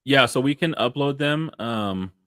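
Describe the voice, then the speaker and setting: A man's voice: mid-range voice, animated, unhurried, a bit bright, no room sound, studio quality. A man hosting an online event, hyping up the guest and the audience with eager cheerleading. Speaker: livestream host.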